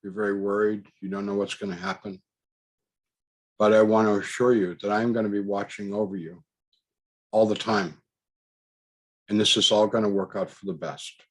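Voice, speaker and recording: A man voicing a calm, kindly young male doctor who speaks reassuringly. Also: on the low side, moderate pace, long pauses, lightly acted.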